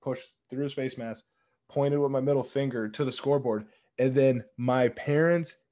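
A man's voice: medium pitch, fairly even intonation, normal speed, mellow. A young man co-hosting a podcast, telling stories in a laid-back, casual way. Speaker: podcast co-host. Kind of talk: casual chat.

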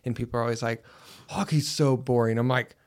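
A man's voice: mid-range voice, fairly even intonation, brisk. A man hosting a podcast, chatting casually and enthusiastically. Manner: chatty, enthusiastic about hockey. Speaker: podcast host. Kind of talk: casual conversation.

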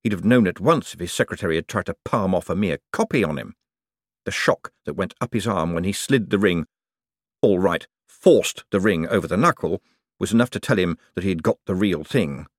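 Low-voiced, animated male audiobook narrator. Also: fairly quick, no room sound, clean studio sound. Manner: expressive, animated storytelling.

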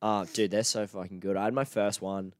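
A man's voice: on the low side, steady tone, a little fast, no room sound, studio quality. A young Australian man co-hosting a podcast, blunt and swearing freely in casual chat. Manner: blunt, swears freely, mock-outraged rants. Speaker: podcast co-host.

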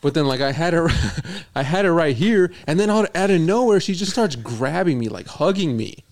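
A young man with a gravelly, creaky edge to his voice tells a long, rambling work story. He swears freely, laughs a lot and keeps it loose and conversational, like a podcast co-host talking with friends. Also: on the high side, lively intonation, moderate pace. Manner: profane, rambling, laughs often. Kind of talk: casual storytelling chat.

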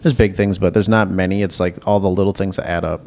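A young man speaks in a low, gravelly voice, easygoing and frank as he tells stories on a podcast. Faint room noise sits under his talk. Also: steady tone, fast, darkish tone. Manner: loose, frank storytelling. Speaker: podcast guest. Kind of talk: casual chat.

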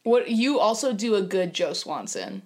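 A woman's voice: medium pitch, wildly swooping pitch, moderate pace. Young woman bantering on a podcast. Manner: laughing, teasing banter. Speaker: podcast co-host. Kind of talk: casual chat.

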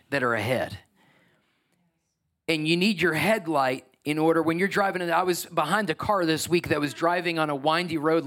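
High-pitched, bright-voiced male pastor preaching. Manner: emphatic, conversational preaching with swings from soft to loud. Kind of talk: sermon.

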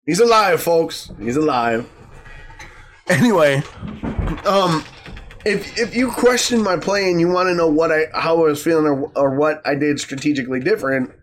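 Podcast co-host, male, higher pitch, measured and reasoning, faint background noise. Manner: measured, reasoning with fillers and 'right?'. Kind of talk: casual podcast chat.

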